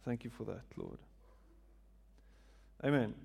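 A man's voice: mid-range voice, wildly swooping pitch, slow pace, creaky, darkish tone, slightly rough. A man, a pastor who jokes with his congregation and then leads a prayer. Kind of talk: sermon with prayer. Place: church before a live congregation.

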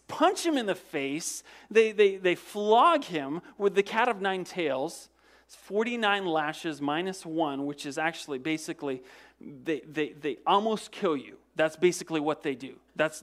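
A man with a notably high voice preaches a sermon as a pastor, telling the story with drama. He stumbles over repeated words and restarts, throws rhetorical questions at the congregation, and drops from loud emphasis into hushed, low passages. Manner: dramatic storytelling with frequent word repetitions and restarts.

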